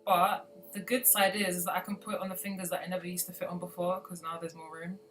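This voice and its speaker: A woman's voice: fairly low pitch, little pitch movement, fast, over music, rough recording. A woman hosting a live stream as a plant grower. She chats casually and rambles through many asides.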